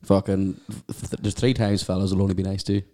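A man's voice: low-pitched, level tone, fast talker, dark tone. A man telling crude comic stories as a podcast guest, swearing and laughing as he talks. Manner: swearing, laughing through his own stories. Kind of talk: crude comedic storytelling.

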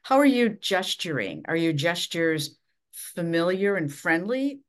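A middle-aged woman from Minnesota, a leadership coach giving measured, instructive advice as a podcast guest. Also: sing-song. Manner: measured, instructive, dramatic swings of pitch and volume. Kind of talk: podcast interview.

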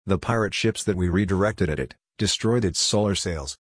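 A man voicing a calm, coldly logical android envoy who speaks in a level, matter-of-fact way. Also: deep voice, moderate pace, breathy edge, no room sound, clean studio sound. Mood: steady.

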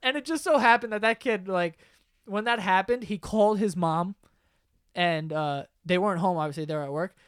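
A man's voice: high voice, normal speed, clean tone, no room sound, studio quality. Young man telling stories, laughing. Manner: animated, laughing, swears freely, acts out other people's lines. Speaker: podcast host. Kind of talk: casual storytelling among friends.

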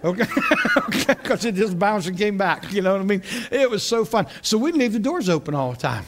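Animated high-voiced preacher, drawl. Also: male voice, a little fast. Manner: animated storytelling with frequent laughs and repeated words. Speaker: pastor. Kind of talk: sermon, teaching a class.

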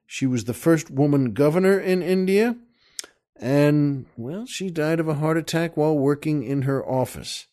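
A man's voice: fairly high pitch, moderate pace, warm tone. A man hosting a talk show, telling a joke in a folksy, rambling way and chuckling often. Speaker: host.

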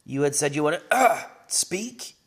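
A man reading aloud and voicing an eager young female apprentice, speaking high and excited. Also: measured pace, breathy edge, full character voice.

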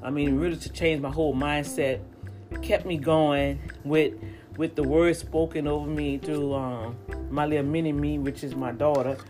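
A lower-pitched woman shares her faith in a casual, animated testimony, talking straight to her viewers. Music plays clearly behind her voice the whole time. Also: moderate pace. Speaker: vlogger sharing a testimony.

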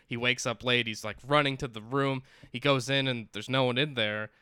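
Young male podcast co-host, rambling film recap, very clear smooth voice. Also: medium pitch, steady tone, normal speed, bright, forceful tone, dry recording, studio quality. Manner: rambling with many fillers and restarts. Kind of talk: casual chat recapping a movie.

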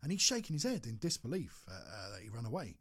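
A man's voice: medium pitch, wildly swooping pitch, fast, a bit bright, slightly rough. A man co-hosting a podcast, talking bluntly and emphatically in casual chat, swearing often. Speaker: podcast co-host.

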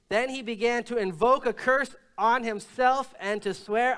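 A male pastor preaching a sermon, reading scripture and retelling it with lively shifts in voice and pace. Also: measured pace, clean tone. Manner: storytelling preacher, quotes scripture and acts out lines with shifts in pitch and pace. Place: church.

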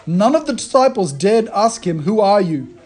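High-voiced man preaching conversationally. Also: normal speed. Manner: animated storytelling, frequent restarts. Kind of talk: conversational sermon.

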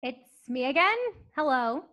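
An actress playing a flustered young stewardess with chirpy, dismissive customer-service patter in a comedic audio drama. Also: female voice, high voice, a little slow, bright, forceful tone. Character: flustered young female stewardess, breezy and rude.

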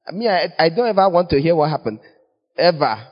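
A man preaching a sermon in an animated way, acting out little scenes in other voices. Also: on the high side, moderate pace. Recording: dull long reverb of a large hall.

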